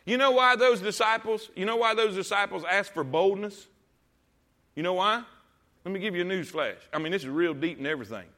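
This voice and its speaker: A male pastor preaching in church, with a high voice that swings widely in pitch. His tone is bright and ringing, and he drives his points with rhetorical questions and calls for the congregation to read along. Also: animated, fairly quick. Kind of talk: sermon. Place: church service.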